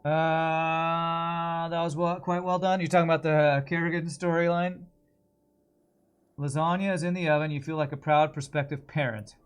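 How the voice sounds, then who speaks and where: A man's voice: a little high, flat delivery, normal speed, clear, resonant tone. A man streaming a strategy game, chatting casually and answering viewers' comments while he plays. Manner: chatty, reads and answers chat while playing.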